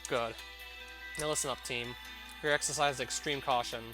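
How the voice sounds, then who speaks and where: A man's voice: medium pitch, fairly even intonation, brisk, sharp tone, soft background music, close to an everyday voice. A man reading a curt tactical squad leader. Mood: commanding. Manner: clipped, commanding.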